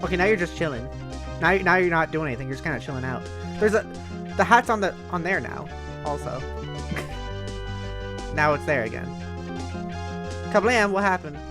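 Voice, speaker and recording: A woman's voice: sits low, lively intonation, normal speed, long pauses, over music. A woman giving playful, giggly commentary while she plays a video game, with lots of sound effects. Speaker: let's play streamer. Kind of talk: casual gameplay commentary.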